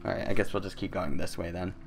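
A young man doing loud, joking let's-play commentary, his voice swinging high and low as he plays. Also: steady tone, fast, creaky, soft background music. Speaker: gaming YouTuber.

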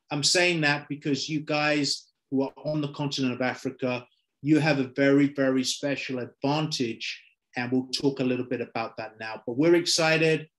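A middle-aged man with a London accent presents over a video call, upbeat and salesy, leaning on quick checks like "okay?" to keep listeners with him. His voice sits a little high for a man. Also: a bit bright. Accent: London English. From London, England.

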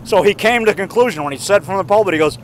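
A man talking in a rambling, folksy, excitable way, mixing songs with preaching, outdoors by a road. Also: sits high, rapid-fire, a little hiss or hum. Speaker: vlogger.

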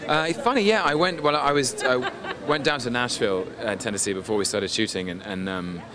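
At a busy outdoor premiere, a man from Britain who is an actor chats in a British English accent at medium pitch and a slightly fast pace. He laughs and restarts sentences during this red carpet interview, with loud crowd noise in the background.

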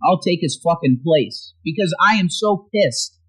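Profane ranting man, wildly swinging pitch. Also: animated, unhurried, husky, rough recording. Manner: angry profane ranting, swings loud and quiet. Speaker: livestream host. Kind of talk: ranting livestream talk.

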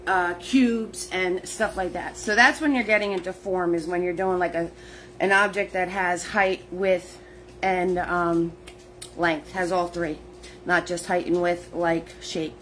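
A slow-talking woman with a bright, forceful voice hosts a live painting class. She chats easily, laughs often and greets her viewers by name. A faint hum of room ambience sits behind her. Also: fairly low pitch, steady tone, low-quality recording. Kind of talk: live-streamed painting lesson.

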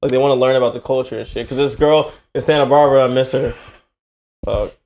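A man's voice: medium pitch, fairly even intonation, fast talker, darkish tone. A man co-hosting a podcast in loose, crude, joking chat, swearing often. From United States. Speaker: podcast co-host. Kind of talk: casual chat.

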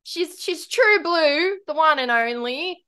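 A woman's voice: sits high, lively intonation, slow pace, sharp tone, voice pushed up, exaggerated voice. A woman voicing a brash bogan Australian woman hawking a book, with an exaggerated broad Australian accent and a playful drawl. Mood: hamming it up.

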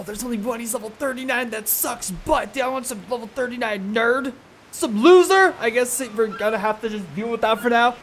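A young man with a high voice narrates his video game session, swearing freely and breaking into yells when things go wrong. Clear game noise runs behind him the whole time. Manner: excitable, profane, yells at the game. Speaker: gaming YouTuber. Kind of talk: let's play commentary.

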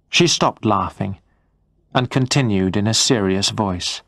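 A man narrating a first-person story for English learners in a slow, clear, measured reading. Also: fairly low pitch, a bit bright, no room sound, clean studio sound.

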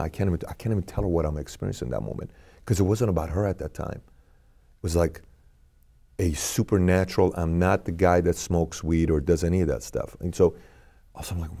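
A man's voice: low-pitched, fairly even intonation, brisk, creaky, pauses often, warm tone. A middle-aged man, a podcast guest, telling a personal story in an earnest, questioning way.

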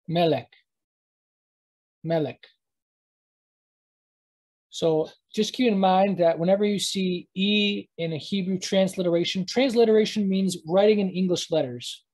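Over poor audio, a darkish, mid-range voice belongs to a teacher leading a live class online while screen-sharing into a computer microphone. Delivery is halting, with lots of thinking out loud and frequent self-corrections.

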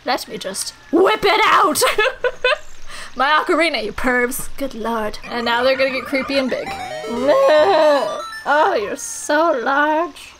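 A woman's voice: high-pitched, animated, takes it slowly, a bit bright, poor audio. A young woman in loopy gameplay commentary, goofy and crude, giggling as she plays. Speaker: let's player. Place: small hot recording room. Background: game music.

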